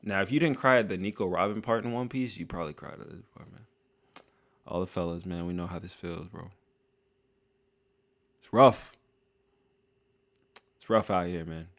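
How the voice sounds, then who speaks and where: A man giving a casual, joking commentary monologue, full of slang and drawn-out asides, as a video creator. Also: low voice, a bit bright.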